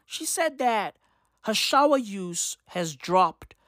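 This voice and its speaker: A woman delivering a comedic rant to camera, loud and profane, with shouted bursts and slang asides. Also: mid-range voice, big pitch swings, takes it slowly, no echo, clean studio sound. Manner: heavy use of slang asides. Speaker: commentator.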